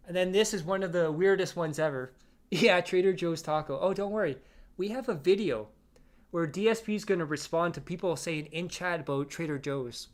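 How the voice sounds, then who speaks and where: An online drama commentator doing reaction commentary, reading chat comments aloud in a flat, weary way with exasperated asides. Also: medium pitch, normal speed.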